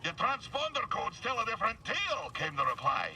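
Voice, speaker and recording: An actor playing a grizzled alien space pirate in a video game, spinning a theatrical yarn in a gruff seafaring drawl. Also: male voice, very high voice, sing-song, a little fast, bright, forceful tone, exaggerated voice. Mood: storytelling. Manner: theatrical storyteller, relishes gory boasts. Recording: distant game audio with faint hiss.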